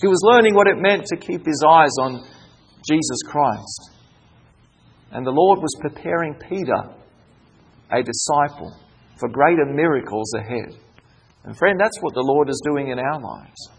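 A male preacher delivers an evening sermon in a high, slightly husky voice. He moves between emphatic, raised calls to the congregation and quiet, hushed pleading. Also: lively intonation, a little slow, pauses often, poor audio.

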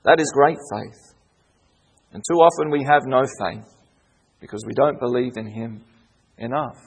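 A man preaching a sermon with rising fervor and dramatic pauses. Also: mid-range voice, husky. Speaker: pastor.

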